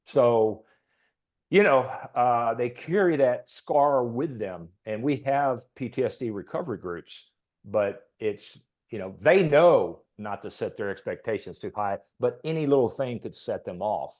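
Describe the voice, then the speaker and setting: Middle-aged man, podcast guest, casual rambling story, fillers and chuckles, mid-pitched voice. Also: lively intonation, unhurried. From Texas, USA. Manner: rambling, with fillers and soft laughs.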